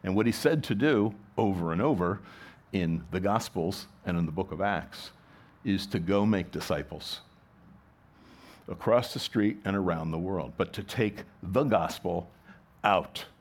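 A middle-aged pastor preaching a sermon, his voice sitting a little low. He talks to the congregation the way he would in conversation, asking questions, restarting his sentences and circling back to his point. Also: measured pace.

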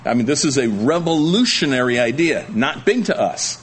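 A man's voice: medium pitch, sing-song, moderate pace, husky. A male pastor preaching a sermon, reading scripture aloud and then explaining it in a chatty, folksy way with joking asides to the congregation.

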